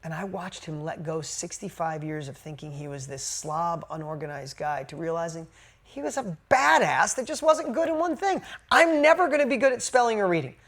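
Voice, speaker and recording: A woman coaching her inner-circle group through a personal story. Her voice swings up and down in pitch as she talks, and she is candid and animated, with casual swearing. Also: normal speed. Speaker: business coach.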